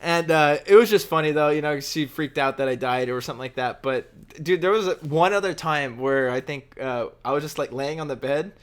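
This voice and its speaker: A man's voice: a little high, brisk, hardly any pauses, smooth. A young man co-hosting a casual podcast chat, rambling storyteller full of "you know" and "dude". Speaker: podcast co-host.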